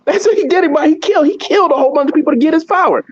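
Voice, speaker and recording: A man's voice: extremely high pitch, rapid-fire, no echo, dull audio. A man hosting, talking in a blunt, profane, heated way and often repeating himself. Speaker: host. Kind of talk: heated casual commentary.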